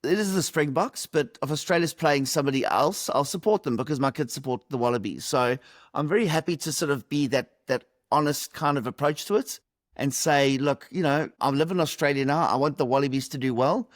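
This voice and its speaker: A man's voice: a little high, a little fast, dry recording, studio quality. Reflective man on a call. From South Africa. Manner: reflective, lightly humorous, many fillers. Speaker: podcast guest. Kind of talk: conversational interview answers. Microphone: video call.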